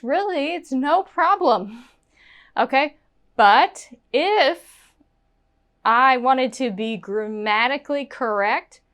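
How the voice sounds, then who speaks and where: A woman teaching English pronunciation, who talks slowly and deliberately, repeats example phrases to model them, and jokes with the learner. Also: sits high, fairly bright tone. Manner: playful, chatty with the learner. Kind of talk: spoken English lesson.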